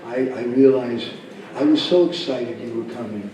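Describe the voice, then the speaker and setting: Sorrowful wealthy disciple, as a speaker puts him on, lowered and quiet, far from mic. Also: male voice, normal speed, very echoey, highs cut off, close to an everyday voice. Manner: sorrowful, apologetic. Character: tearful wealthy male disciple, apologizing.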